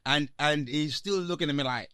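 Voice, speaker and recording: A man, an actor from Nigeria, talking in a relaxed interview and telling animated anecdotes full of fillers and restarts. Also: a little high, moderate pace, clean tone, no room sound, studio quality. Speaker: actor, guest. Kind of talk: casual interview chat.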